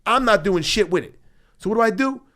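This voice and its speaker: A man from South Philadelphia, in his fifties, with a strong Philadelphia accent, sits in a podcast studio and tells his story as the guest. His voice sits fairly high for a man. He talks blunt and profane street talk and keeps slipping into the voices of people from his past. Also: lively intonation, fairly quick, fairly bright tone. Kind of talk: storytelling interview.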